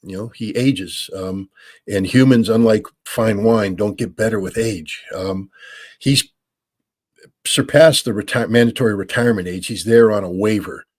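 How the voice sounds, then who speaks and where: An American man with a fairly low, husky voice, talking through a call-in question at length. He explains loosely, with plenty of ums and restarts, as the show's regular guest. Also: moderate pace. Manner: many fillers and restarts, explanatory. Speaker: guest analyst, regular of the show. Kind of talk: call-in Q&A commentary.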